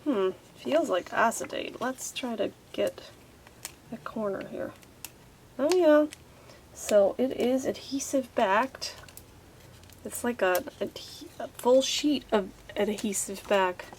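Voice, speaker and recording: A woman's voice: on the high side, takes it slowly, a little hiss or hum. Chatty woman gushing over craft supplies. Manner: chatty, easily delighted, thinks aloud with many fillers. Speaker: craft vlogger unboxing a subscription box. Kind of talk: casual unboxing chat.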